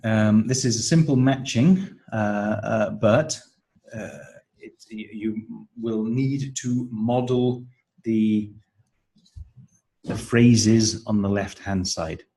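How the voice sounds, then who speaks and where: A man working as a teacher trainer, giving a measured, explanatory walkthrough of classroom pronunciation activities. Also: lowish voice, dark tone, breathy edge, low-quality recording. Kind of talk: instructional explanation.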